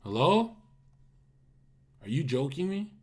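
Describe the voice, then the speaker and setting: A man's voice: on the high side, sing-song, slow pace, slightly rough. A man live-streaming casual commentary, talking bluntly to his chat with profanity and incredulous rhetorical questions.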